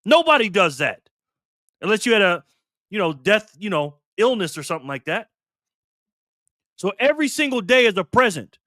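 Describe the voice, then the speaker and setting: A man's voice: high-pitched, very animated, moderate pace, long pauses, bright, forceful tone, no echo, studio quality. A man in his fifties hosting his own vlog, talking straight to camera in a heated, profane, emphatic rant. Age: 50s. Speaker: channel host.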